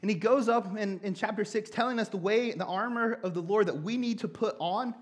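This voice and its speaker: Young pastor, high voice, casual and jokey sermon style. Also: male voice, brisk. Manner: casual, joking, conversational preaching.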